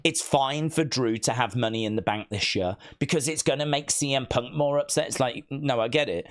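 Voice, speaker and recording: A man's voice: mid-range voice, moderate pace. Guy chatting on his stream, rambly, lots of um and like. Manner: rambling, lots of fillers and restarts. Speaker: live stream host. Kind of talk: casual live-stream chat.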